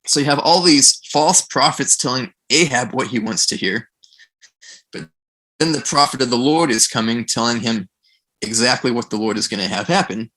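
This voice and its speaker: A man with a bright, forward voice talks in a casual podcast discussion. He retells stories with animation and slips into quick character voices for quoted lines. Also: medium pitch. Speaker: podcast guest.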